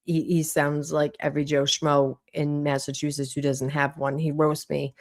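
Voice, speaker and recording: A woman with a thick Boston accent and a low voice roughened by vocal fry. She hosts a live stream in a chatty, rambling way, reading out viewer comments and restarting her sentences as she goes. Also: little pitch movement, moderate pace, darkish tone. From Boston area, US. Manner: chatty, reads chat aloud, frequent restarts. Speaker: livestream host. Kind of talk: casual live chat with viewers.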